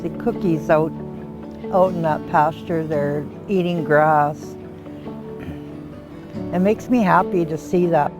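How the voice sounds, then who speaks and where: A woman's voice: deep voice, slow pace, pauses often, over music. A woman in her sixties who runs an animal sanctuary, talking casually and with feeling for a documentary, outdoors on a farm. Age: 60s. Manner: soft, heartfelt, emotional. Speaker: pig sanctuary owner.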